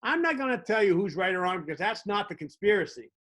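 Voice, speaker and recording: A man's voice: high-pitched, sing-song, fast talker, a bit bright. A man hosting a comedic monologue, telling wry stories with little mock dialogues. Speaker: host.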